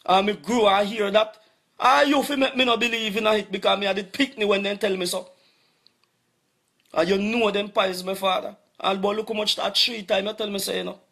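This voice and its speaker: A middle-aged man with a thick Jamaican Patois accent delivers an impassioned rant straight to his audience. His voice sits fairly high for a man, and he keeps circling back to the same phrases with heavy insistence. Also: steady tone, a little fast, vocal fry, a bit bright. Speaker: vlogger. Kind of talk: impassioned rant addressed to viewers.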